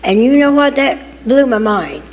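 A woman's voice: high-pitched, big pitch swings, moderate pace, slight background noise. Chatty older woman testifying in a hall. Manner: chatty, emphatic, laughing asides. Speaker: church member. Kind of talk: personal testimony in church sharing time. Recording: long hall reverb.

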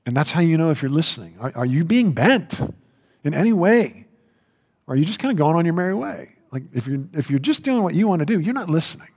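A man preaching a sermon in a conversational, earnest way, often restarting his sentences and lifting his pitch for emphasis. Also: big pitch swings, quick pace, darkish tone, husky, long reverb tail. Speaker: pastor.

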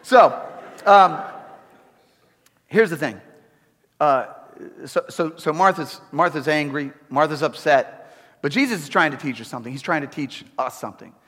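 A male pastor preaching a sermon in an animated style, repeating himself and throwing in humorous asides. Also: a little high, moderate pace, pauses often. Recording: echoey hall.

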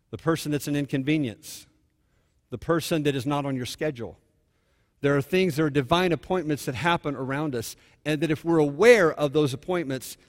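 A male pastor preaching a sermon, telling a story and moving between hushed and fervent delivery. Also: a little high, long reverb tail.

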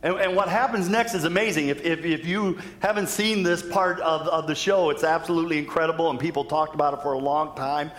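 Man, pastor, sermon, slightly high voice, long church reverb. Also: fairly quick, few pauses, fairly bright tone. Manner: storytelling, acts out quoted voices with laughs.

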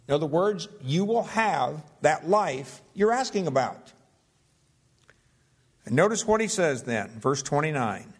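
A man preaching a Bible study sermon, reading old-fashioned scripture slowly and deliberately, then explaining it in a measured teaching voice. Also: on the high side, sing-song, husky. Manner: reads King James scripture slowly and deliberately; measured teaching delivery with fillers and restarts.

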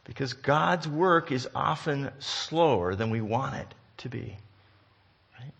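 Middle-aged male preacher, bright forceful tone, shifts between hushed and booming delivery. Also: slow, vocal fry, slightly rough. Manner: swings from quiet reflection to loud emphatic preaching. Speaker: pastor. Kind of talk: sermon.

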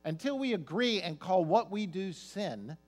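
A man preaching a sermon as pastor, telling stories, his voice swinging from loud emphasis to soft, quiet asides. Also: high-pitched, expressive, unhurried.

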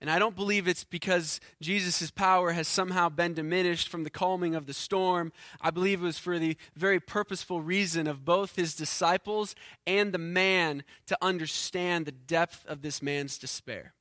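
A man preaching a sermon as pastor, earnest, rising to forceful emphasis and then dropping low and quiet, often repeating words as he restarts. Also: steady tone, moderate pace, dry recording, clean studio sound.

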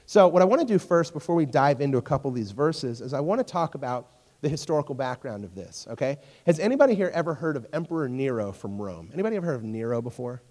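A young man giving a sermon as a youth pastor, telling stories in a joking, animated way and talking straight to his audience. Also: on the high side, fast talker. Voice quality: storytelling, jokey and animated, talks to crowd. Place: church hall. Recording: long hall reverb.

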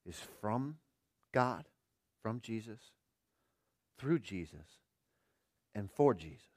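A middle-aged man preaching a sermon as pastor, earnest, firing rhetorical questions and swinging between quiet and emphatic delivery. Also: fairly low pitch, expressive, slow pace, dry recording, studio quality.

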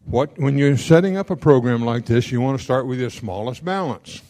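A man's voice: mid-range voice, animated, mellow. Folksy man teaching a money class. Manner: folksy, checks in often with the audience; rattles off figures quickly. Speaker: financial counselor teaching a class. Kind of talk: classroom lecture on debt repayment.

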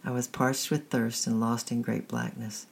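A woman hosting a story-time reading, narrating a chapter book in a steady, measured way. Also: extremely low pitch, gravelly, breathy edge.

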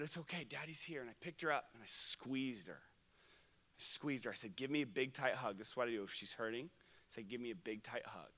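A young man preaching a sermon at a camp, telling stories that swing from loud to hushed. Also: on the high side, long reverb tail. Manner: storytelling, shifts from loud to hushed. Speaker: pastor. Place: camp meeting room.

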